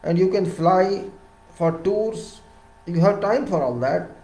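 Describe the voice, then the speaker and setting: A man's voice: sits high, expressive, slow pace. Emphatic Indian English man, echoey room. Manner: emphatic, repeats words, swings between loud and soft. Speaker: civil engineer giving a talk. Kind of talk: lecture-style monologue.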